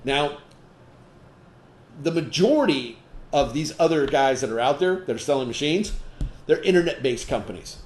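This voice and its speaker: A man's voice: medium pitch, lively intonation, moderate pace, long pauses, slight background noise. A man giving a training talk to distributors, emphatic, asking the audience rhetorical questions and checking in with frequent "okay?". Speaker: sales trainer. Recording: echoey room.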